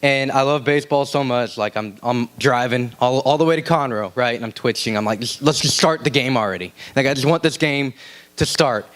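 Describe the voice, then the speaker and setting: A young man preaching a casual youth sermon, telling stories and acting out shouted quotes in a high voice. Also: fairly quick. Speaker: youth pastor. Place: church youth room.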